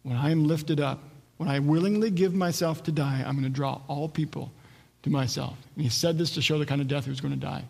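A man's voice: a little high, steady tone, fairly quick, vocal fry, darkish tone, in a large hall. A man preaching a sermon as pastor, reading scripture aloud and explaining it verse by verse. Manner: expository preaching, acts out quoted voices.

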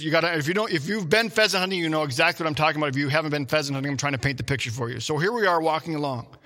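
A male pastor preaching a sermon, opening with a personal hunting story, animated and acting out shouts and his own thoughts as he tells it. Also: on the high side, long reverb tail.

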